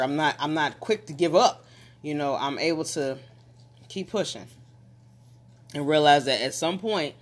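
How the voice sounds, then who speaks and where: A speaker giving a casual motivational monologue about relationships, talking emphatically with lots of repetition and building to passionate pushes. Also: mid-range voice.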